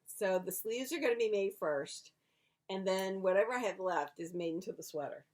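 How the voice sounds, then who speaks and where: A woman in casual conversation on a knitting podcast, walking through her projects step by step in a chatty, easygoing way. Her voice sits at an ordinary middle pitch. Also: animated, moderate pace, a little mellow. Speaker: podcast co-host.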